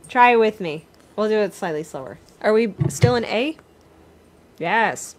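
A woman's voice: a little high, expressive, normal speed. A woman leading an online singing workshop, explaining and singing short phrases as examples in an encouraging way. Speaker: singing teacher. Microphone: video call.

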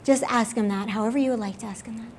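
A woman pastor leading an altar call and prayer in a church service, gently inviting and repeating her words. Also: on the high side, quick pace, slightly rough.

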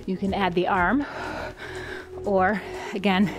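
A woman fitness instructor calls out moves with upbeat, encouraging cues while she works out alongside the class. She is out of breath, and clear music plays behind her. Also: mid-range voice, fairly even intonation, slow pace. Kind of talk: guiding a workout. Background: background music.

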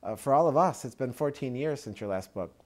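A male host conducts an interview in an admiring tone. He often restarts his phrases as he builds toward each question. His voice sits at an ordinary middle pitch. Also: lively intonation, fairly quick, crowd noise.

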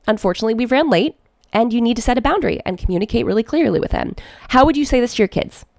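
A woman voicing a brisk, encouraging female friend. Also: on the high side, expressive, vocal fry, darkish tone, no room sound, clean studio sound, pitched above the performer's own voice. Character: encouraging female friend giving firm advice.

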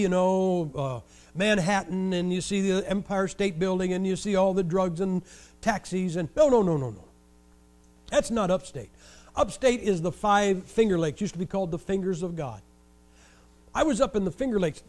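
An older man from Ohio preaching a sermon, telling stories in an animated, joking way with wry sarcasm. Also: high voice, normal speed. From Ohio, USA. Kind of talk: storytelling sermon.

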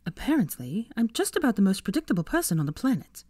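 A clever, prickly young witch, as a woman reads her, her pitch lifted and her tone brisk and exasperated. The voice swings widely up and down. It sounds dry and close to the mic. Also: big pitch swings, a little mellow, no echo.

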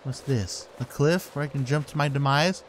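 A man's voice: mid-range voice, moderate pace, a little hiss or hum. A man giving casual let's-play commentary who swears constantly and talks to his sled dogs and to the game. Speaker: gaming channel host.

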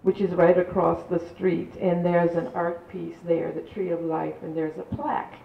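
A woman's voice: fairly low pitch, level tone, normal speed, gravelly, slight background noise. An older woman from San Antonio, Texas, telling community history to an audience in a chatty, rambling way with laughs and restarts. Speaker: community speaker. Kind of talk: storytelling talk to an audience. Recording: echoey, distant, dull room recording.

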